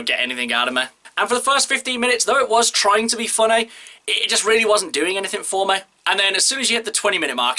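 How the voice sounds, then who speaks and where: A man giving a casual spoken film review to camera, chatty and animated, speeding up and slowing down. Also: fairly high pitch.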